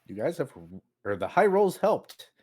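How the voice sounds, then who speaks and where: A man's voice: fairly high pitch, sing-song, measured pace, dark tone, husky. Man running a tabletop game. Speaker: game master.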